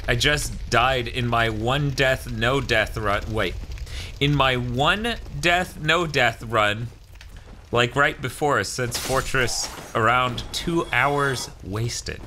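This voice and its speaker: A man's voice: medium pitch, slow pace, pushed and bright, a little hiss or hum. A man co-hosting a casual gaming stream, reading viewer messages aloud and adding joking asides. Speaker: stream co-host reading chat.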